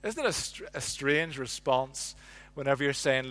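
A man preaching a sermon, telling the story with lively ups and downs and dropping to a hush for quiet lines. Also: medium pitch, moderate pace. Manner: animated storytelling, drops to a hush on quotes. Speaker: pastor.

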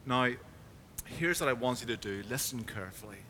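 A man playing God, speaking softly and patiently with calm, measured reassurance. The voice stays bright in tone and carries a long hall reverb over a faint rumble.

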